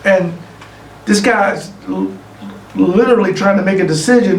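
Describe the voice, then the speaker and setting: A middle-aged man giving an award acceptance speech, telling a lively anecdote and acting out other people's lines. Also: high voice, normal speed, pauses often. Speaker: award honoree. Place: room, recorded for a virtual gala. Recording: echoey room, distant mic, faint noise.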